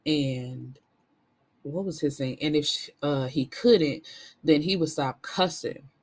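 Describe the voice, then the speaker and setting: A woman's voice: low-pitched, slow pace, a little mellow. A woman recaps a novel in a loose, chatty way, dropping frank asides as she goes. She speaks as a book reviewer addressing her viewers. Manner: candid, chatty, blunt asides.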